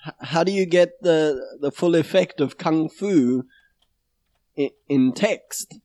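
A young man co-hosting a podcast, talking in a relaxed, comedic way. He jokes and laughs a lot. His voice sits a little higher than most men's. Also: slow pace. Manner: joking, expressive, laughs often. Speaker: podcast co-host. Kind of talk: casual comedic chat.

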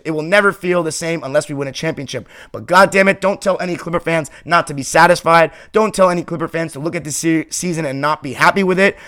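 A man talking straight to the camera as a devoted fan, unfiltered and emphatic. His voice sits a little higher than most men's, and he presses his points with real feeling. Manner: passionate and emphatic, swinging from heated ranting to quieter heartfelt reflection. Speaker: sports podcast host and fan. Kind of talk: impassioned fan monologue.

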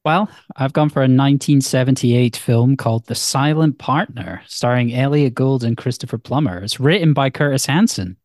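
Male co-host, wry and rambling, middle pitch, dry close mic. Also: normal speed, few pauses, a little mellow, no echo. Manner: wry, rambling, self-mocking. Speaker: podcast co-host. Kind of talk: casual chat.

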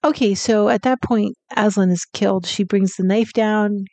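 A woman of medium pitch reads passages from a book aloud, then pauses to reflect on them in easy conversation. The sound is dry and close, with no room echo. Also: fairly even intonation, warm tone. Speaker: co-host reading aloud. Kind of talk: casual discussion and book reading.

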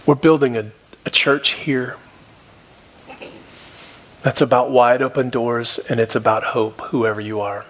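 A male pastor preaching a sermon, telling a story and dropping at times to a soft, hushed voice for emphasis. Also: mid-range voice, flat delivery, a little slow, long pauses. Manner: storytelling, shifts between soft hushed tones and raised emphasis. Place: church.

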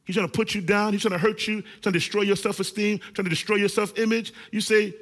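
A man in his forties preaching a lively sermon, calling on the congregation to shout responses. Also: high-pitched, fast, in a large hall. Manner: animated, calls for congregation responses. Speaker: pastor.

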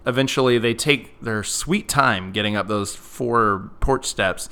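A podcast co-host recaps a movie in casual chat, saying "like" often and laughing easily. He has a medium-pitched voice, clear and resonant, pushed and bright, and speaks at a measured pace.

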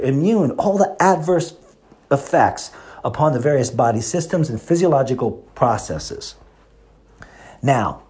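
A man's voice: medium pitch, dark tone. A man in his fifties hosting a health talk, lecturing the audience and throwing in rhetorical questions. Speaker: host.

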